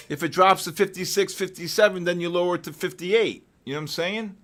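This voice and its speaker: A man hosting a live trading stream, excitable and joking as he calls out market moves to his viewers. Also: high voice. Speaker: host of a live trading session.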